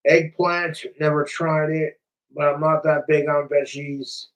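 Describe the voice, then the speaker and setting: A man's voice: on the high side, level tone, unhurried, far from the mic, poor audio. A man chatting casually on a livestream, rambling, profane and repetitive.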